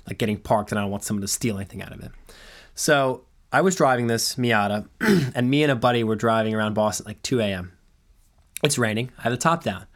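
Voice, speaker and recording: A young man casually telling a long story, acting out quoted dialogue along the way. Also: mid-range voice. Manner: animated anecdote with quoted dialogue.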